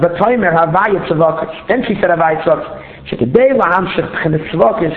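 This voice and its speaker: Guy giving a text class, kinda high voice, stops and repeats himself a lot, sounds like a phone line in an echoey room. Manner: explains step by step, asks himself rhetorical questions; halting, repeats words while searching. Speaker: Torah teacher. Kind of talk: text study lecture. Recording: tinny phone-line sound in a roomy space.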